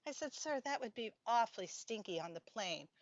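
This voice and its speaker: A woman's voice: fairly high pitch, fairly quick, no room sound. Chatty older woman comic, dull dry sound. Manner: chatty, animated storytelling with playful punchlines. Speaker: stand-up comedian. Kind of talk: stand-up comedy routine.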